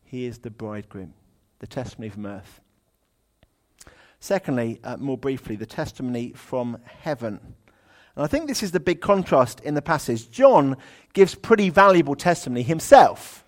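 Chatty preacher giving a sermon. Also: male voice, mid-range voice, normal speed. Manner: chatty, humorous, animated when reading aloud.

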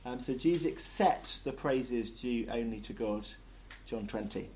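A man leading an interactive Bible study, lively and jokey, asking the group questions. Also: medium pitch, measured pace, a little hiss or hum.

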